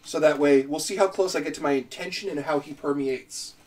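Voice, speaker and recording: Canadian guy rambling on a stream, jokes at himself, kinda high pitched, mic a bit far off. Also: fairly quick. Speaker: streamer building a character. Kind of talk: casual live-stream chat.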